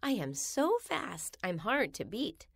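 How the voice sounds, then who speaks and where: A woman reading children's rhymes aloud in a slow, sing-song storybook manner. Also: mid-range voice, big pitch swings, dry recording, studio quality.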